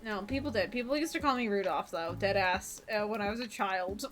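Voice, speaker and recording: A woman's voice: medium pitch, brisk, a bit bright, faint music behind. A woman from Georgia in the US, streaming while doing nail art and chatting casually, rambling and giggling, with the odd swear.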